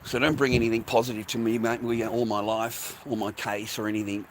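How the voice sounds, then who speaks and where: A man livestreaming, ranting angrily at his viewers, swearing a lot and repeating himself, sometimes dropping to a low quiet menace. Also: level tone, fairly quick, a little hiss or hum. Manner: swears constantly, repeats phrases, berates viewers; drops low and quiet when threatening. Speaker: livestreamer talking to his chat. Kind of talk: angry rant to chat.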